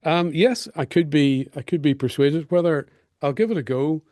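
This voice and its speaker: A middle-aged man with a Northern Irish accent, a guest telling stories in a wry, unhurried way. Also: fairly high pitch, darkish tone, no echo. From North Belfast. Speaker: guest songwriter and storyteller. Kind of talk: conversational storytelling.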